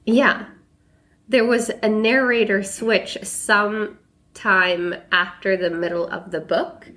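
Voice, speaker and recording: A woman's voice: mid-range voice, steady tone, takes it slowly, a bit bright. A woman co-hosting a book podcast in casual conversation. She weighs her words thoughtfully, then giggles and teases her co-host.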